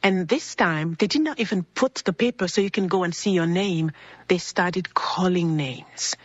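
A woman with a husky, slightly low voice shares an earnest personal testimony, now and then acting out the people she met. The sound is dry and close, though a little dull and muffled. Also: moderate pace, dry recording. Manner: earnest, acts out quoted people in her story. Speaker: speaker sharing a personal faith testimony. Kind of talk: personal storytelling.

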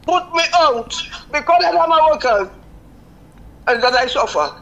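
Vexed and emphatic, an older woman phones a radio show with a complaint, saying the same things over and over. She speaks at a measured pace in a high, expressive, fairly bright voice over lo-fi sound.

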